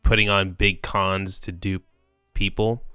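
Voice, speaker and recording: A man with a very low voice that still sounds bright and crisp, chatting casually. He rambles, restarting his sentences and leaning on fillers. The recording is close and dry. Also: little pitch movement, a little slow, no room sound, faint music behind. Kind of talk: casual chat.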